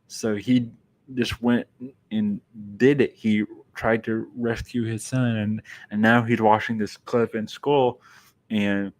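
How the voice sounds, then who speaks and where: A man's voice: fairly low pitch, little pitch movement, slow. A man giving a casual film review monologue, rambling and often restarting his sentences.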